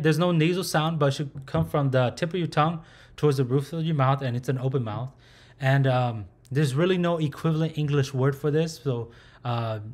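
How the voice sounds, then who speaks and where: A man teaching a recorded language lesson. He speaks patiently, sounds out syllables and repeats them aloud. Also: medium pitch.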